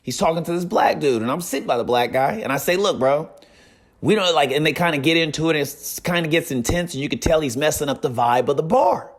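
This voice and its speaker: A young man with a fairly high voice spins a casual story to his viewers. He talks in an animated way, keeps coming back to a catchphrase and acts out the other people's lines. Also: fast. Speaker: streamer telling a story.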